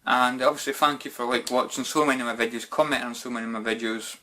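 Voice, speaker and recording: A Scottish man chats casually through viewer questions on his channel. His talk is loose and informal, peppered with "bloody" and "mate", in a voice of ordinary middle pitch. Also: steady tone, fast talker, sharp tone, a little hiss or hum. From Scotland. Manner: chatty and informal, says "bloody" and "mate" a lot. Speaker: YouTube gaming channel host. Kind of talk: casual Q&A vlog chat.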